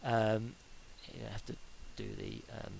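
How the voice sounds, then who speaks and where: A man's voice: fairly low pitch, little pitch movement, unhurried, vocal fry, darkish tone, a little hiss or hum, low-quality recording. A middle-aged man giving an informal lecture on sport psychology, chatty and explaining step by step with everyday examples.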